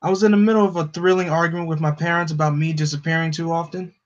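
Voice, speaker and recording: Guy doing a stubborn young hero, voice way up high, all urgent and breathless. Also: steady tone, fast, lo-fi sound, lightly acted. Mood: earnest.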